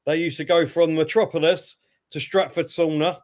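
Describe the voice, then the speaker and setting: A man's voice: on the high side, moderate pace. A man co-hosting a live football watchalong, reacting to the match and reading out viewers' messages. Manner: excitable over goals, reads viewers' messages. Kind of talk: casual live commentary and chat.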